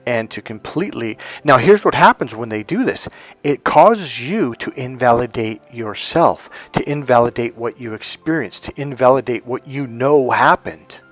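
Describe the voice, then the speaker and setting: A man's voice: medium pitch, normal speed, soft background music. A middle-aged man from California, a relationship coach, telling his own stories to camera in a candid, profane way. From California, USA. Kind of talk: casual storytelling to camera.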